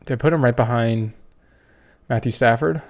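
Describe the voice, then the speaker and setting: A man's voice: mid-range voice, normal speed. Fired-up opinionated man ranking players. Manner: opinionated, fired-up ranting with cursing. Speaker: podcast host. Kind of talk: casual sports tier-list commentary.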